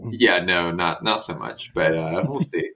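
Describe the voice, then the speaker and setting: A man's voice: low voice, unhurried, pushed and bright, slight background noise. A man playing a tabletop game, speaking hesitantly. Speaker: player.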